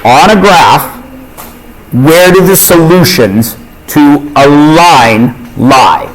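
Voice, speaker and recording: Male math teacher, slightly high voice, joking, quizzes class, faint noise. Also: expressive, very slow, rough recording. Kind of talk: classroom lesson.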